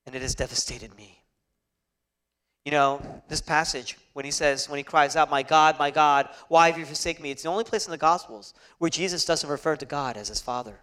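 A man preaching a sermon, swinging between hushed, whispered passages and loud, emphatic peaks. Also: on the high side, fairly quick, clean tone.

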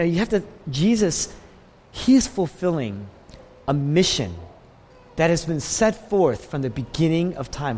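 A man preaching a sermon as a pastor, speaking emphatically, with his voice swelling and then dropping to a hush. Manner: emphatic, rising and falling in pitch and loudness, sometimes dropping to a hush. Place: church sanctuary. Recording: long hall reverb.

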